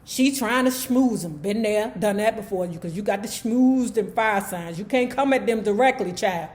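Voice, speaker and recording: A woman's voice: mid-range voice, normal speed, darkish tone. A woman hosting a book club, retelling a memoir in a chatty, sassy way with asides to her viewers. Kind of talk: casual storytelling book commentary.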